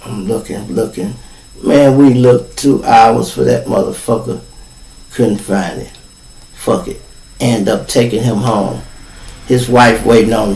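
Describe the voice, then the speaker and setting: A man with a Chicago accent, hosting a podcast and telling a story in a loose, profane, animated way, acting out the people in it. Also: lowish voice, creaky. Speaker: podcast host. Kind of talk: casual storytelling. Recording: roomy, distant from the mic.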